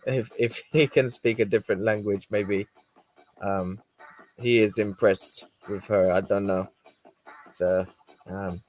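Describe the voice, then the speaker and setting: Slow-talking chatty livestream host man. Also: lowish voice. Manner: chatty, laughs often, reads out viewer comments. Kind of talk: casual livestream chat.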